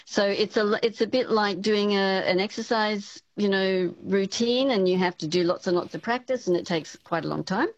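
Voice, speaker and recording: A woman who is a speech pathology professor, answering questions in a radio interview in a measured, explanatory way with frequent fillers. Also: medium pitch, dry recording, muffled recording.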